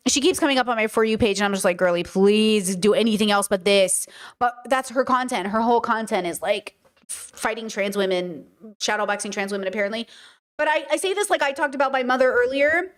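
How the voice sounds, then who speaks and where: A woman's voice: fairly high pitch, clean tone. Outspoken woman streamer, emphatic and profane. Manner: emphatic and repetitive, frequent "like" and swearing. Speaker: streamer and podcast host. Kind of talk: casual commentary on a livestream.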